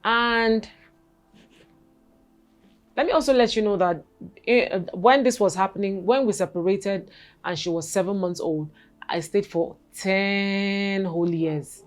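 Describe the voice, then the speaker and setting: Halting woman telling a painful personal story. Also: mid-range voice. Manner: halting, repeats words, then animated when quoting people. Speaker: guest. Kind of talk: emotional personal storytelling interview.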